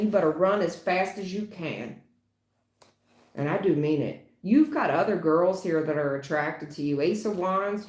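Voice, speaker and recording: Blunt tarot reader woman, echoey room. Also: on the low side. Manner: blunt, emphatic, swears casually. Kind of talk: livestream tarot reading.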